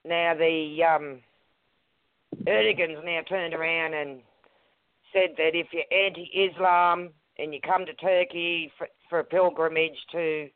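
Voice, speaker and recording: A man's voice: a little high, fairly even intonation, slow pace, smooth, no echo. A man from Australia with an Australian accent, a guest on a talk radio show, who speaks bluntly, uses slang and swears. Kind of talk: casual talk radio discussion. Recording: tinny phone-like line.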